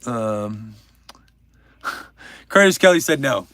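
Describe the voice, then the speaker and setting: A man's voice: mid-range voice, animated, drawn-out words, pushed and bright, no room sound. A man from Texas, hosting a casual livestream and chatting with viewers in a joking, rambling way. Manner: joking, rambling, reads chat aloud. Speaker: livestream host.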